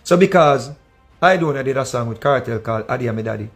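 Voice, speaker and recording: A man with a Jamaican accent giving animated casual commentary, slipping between patois and English and breaking into snatches of song. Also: medium pitch, fast, gravelly, faint music behind.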